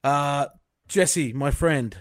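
A man's voice: fairly high pitch, drawn-out words, no room sound. A young Australian man hosting a casual podcast, blunt and crude, swearing freely. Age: young adult. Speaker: podcast host.

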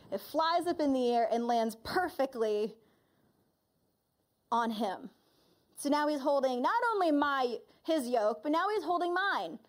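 A woman's voice: on the high side, a little mellow. Earnest woman telling a vision. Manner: storytelling a vision, earnest and reflective. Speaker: church leader preaching. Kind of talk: sermon.

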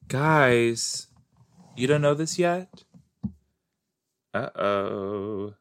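A man's voice: fairly low pitch, animated, unhurried, pauses often, a bit bright. A man hosting a podcast and giving playful, rambling commentary as he rewatches a show. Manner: playful, rambling, self-mocking. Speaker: podcast host.

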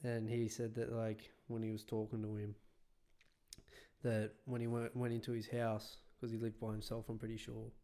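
A man's voice: on the low side, monotone, moderate pace, mellow. A man chatting casually with a friend, laid-back with terse replies and short musings. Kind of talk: casual chat.

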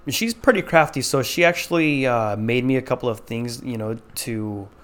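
A man's voice: mid-range voice, normal speed, a bit bright. A man chatting as a podcast guest in an easygoing, agreeable way, often saying "you know". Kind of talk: casual conversation.

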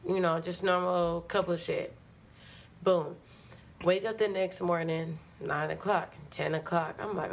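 A woman co-host telling a story in casual chat, animated, profane and slangy, acting out her own past lines. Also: on the low side, moderate pace, creaky, slight background noise.

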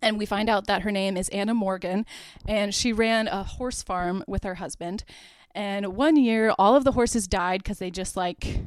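A woman's voice: mid-range voice, normal speed, hardly any pauses, clean tone, dry recording. A young woman hosting a podcast, casually retelling a movie plot in a chatty way, full of "like" and little laughs. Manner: chatty, heavy use of "like", laughs while retelling. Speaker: podcast host.

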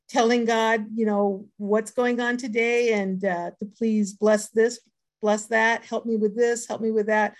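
An older retired woman sharing her daily habits in a recovery group, in an earnest, reflective way with lots of hesitant fillers. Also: fairly high pitch. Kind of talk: personal sharing talk.

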